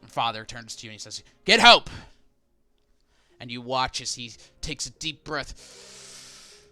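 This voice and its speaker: A man's voice: mid-range voice, measured pace, bright, forceful tone, dry recording, faint music behind. A man narrating as game master of a tabletop game, descriptive, sometimes correcting himself mid-sentence.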